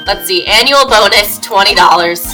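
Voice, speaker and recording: A woman's voice: medium pitch, moderate pace, pushed and bright, faint music behind, close to an everyday voice. A woman reading the lines of a young male defense attorney in a plain, dry and wry way. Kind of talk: reading game dialogue aloud on a livestream.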